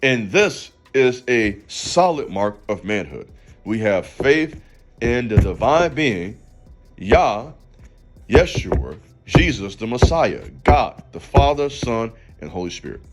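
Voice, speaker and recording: A man's voice: mid-range voice, very animated, slow, music in the background. A man hosting a faith channel, giving a motivational talk in an emphatic, preachy way and calling out to the listener directly. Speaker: channel host.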